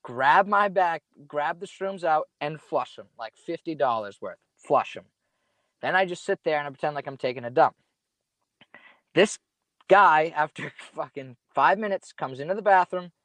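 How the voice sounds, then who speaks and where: A man's voice: fairly high pitch, expressive, normal speed, fairly bright tone, no room sound. A young man telling a casual story in a rambling way, full of slang and swearing. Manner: profane, rambling, laid-back slang. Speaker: podcast guest storyteller.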